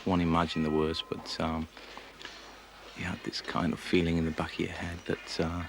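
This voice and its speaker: A man telling of his cancer treatment in a documentary interview, measured and hesitant, with frequent pauses. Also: low voice, little pitch movement, gravelly. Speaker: cancer patient recounting his experience. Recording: noisy 1980s documentary audio.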